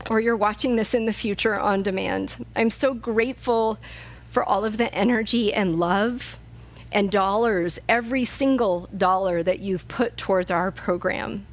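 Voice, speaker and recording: A woman hosts a charity awards ceremony in a middle-pitched voice. She speaks in a heartfelt, emotional way as she announces winners and thanks the donors. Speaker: charity event host.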